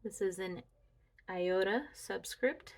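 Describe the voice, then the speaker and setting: Slow, deliberate woman reviewing grammar. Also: medium pitch. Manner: deliberate, talks through slides, muses aloud. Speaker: student reviewing Greek grammar.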